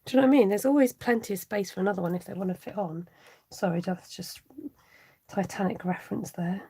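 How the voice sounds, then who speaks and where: A woman's voice: mid-range voice, quick pace, mellow, husky. A woman hosting a live craft tutorial, chatty and giggly as she reads out viewer comments. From United Kingdom. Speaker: crafting channel host.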